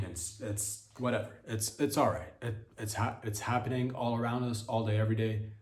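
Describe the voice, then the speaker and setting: A man hosting a podcast, giving a deadpan satirical comedy monologue with mock-earnest sarcasm aimed at his audience. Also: lowish voice, a little fast, reverberant. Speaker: podcast host.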